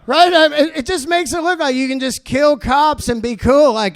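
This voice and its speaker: A man doing a loud, profane stand-up set, ranting. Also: extremely high pitch, normal speed. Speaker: stand-up comedian.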